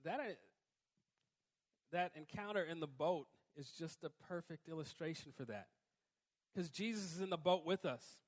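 A man preaching a sermon in a conversational way, breaking into emphatic, louder outbursts. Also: a little high, normal speed, long pauses. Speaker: pastor.

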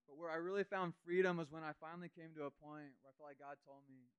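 A man's voice: fairly high pitch, fast talker, few pauses, fairly bright tone, clean tone, no echo, rough recording. A man, a youth pastor, preaching a conversational and emotional testimony sermon with plenty of fillers.

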